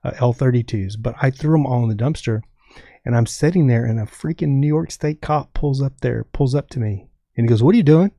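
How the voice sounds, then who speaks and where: A man's voice: medium pitch, brisk, vocal fry, warm tone, no echo, studio quality. A man from Texas telling a rambling story as a podcast guest, dropping "dude" often. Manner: rambling, says dude a lot. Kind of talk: casual storytelling.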